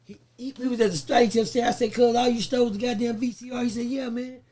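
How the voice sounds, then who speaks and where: High, gravelly man. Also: fast. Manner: profane, lively, acts out the voices he quotes. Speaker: podcast guest. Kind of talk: casual storytelling.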